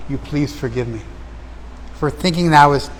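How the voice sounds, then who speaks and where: A man's voice: a little high, a little hiss or hum. Man giving a spiritual lecture with reverb. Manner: recites verses slowly, then explains them in plain talk. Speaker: lecturer on scripture. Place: outdoor festival.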